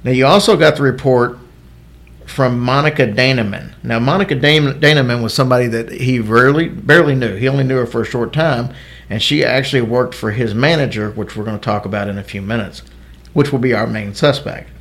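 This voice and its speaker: A man's voice: mid-range voice, fairly quick, fairly bright tone. A man co-hosting a casual talk show, telling odd celebrity stories in a rambling, joking way with many restarts. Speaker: podcast co-host.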